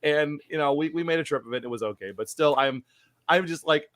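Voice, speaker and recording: A middle-aged man hosting a casual chat, an excitable storyteller who acts out quotes loudly. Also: on the high side, brisk, no room sound. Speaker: show host.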